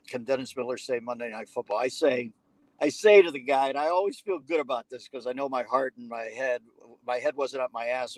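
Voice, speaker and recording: A man swapping stories as a podcast guest, mid-pitched and conversational. He acts out the people in his tale and tosses in profane wisecracks along the way. The sound is dry and close, with no room echo. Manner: animated anecdote-teller who acts out what others said. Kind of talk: conversational storytelling.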